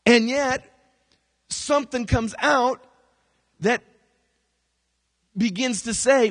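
Very high-pitched and slow, with long pauses, a man preaches a sermon as a pastor, recorded without room sound. He tells stories animatedly, acting out the quotes and repeating phrases.

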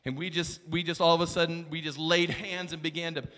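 A male pastor preaching a sermon, telling a story in a hushed voice and building up to shouted exhortation. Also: a little high, level tone, a little fast. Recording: long reverb of a large hall.

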